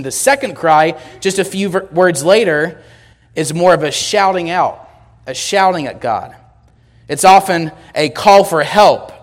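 High-voiced preacher, emphatic. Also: male voice. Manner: emphatic, calls out questions to the congregation. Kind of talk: sermon. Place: church.

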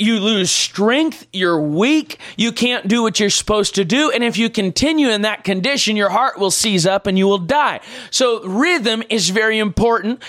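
A man's sermon voice, pitched high for a man. He is in middle age and preaches emphatically. He circles back to his points again and again. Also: fairly bright tone. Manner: emphatic, repetitive preaching with everyday examples.

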